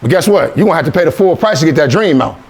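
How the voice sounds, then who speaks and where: A man's voice: fairly high pitch, expressive, very fast. A man giving a motivational speech to a youth team, repeating phrases and leading call-and-response. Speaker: motivational speaker.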